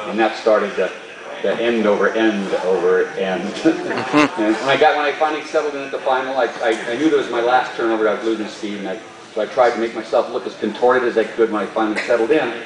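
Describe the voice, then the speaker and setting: A man's voice: on the low side, brisk, crowd noise. Man telling a story in a roomy hall. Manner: animated, laughs often while telling. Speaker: stunt performer guest. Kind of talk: storytelling at a live Q&A. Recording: roomy hall, distant mic.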